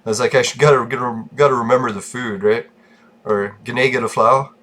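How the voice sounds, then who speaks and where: A man's voice: mid-range voice, steady tone, brisk, fairly bright tone. A man hosting a gaming channel, chatting casually and rambling, swearing freely and laughing often.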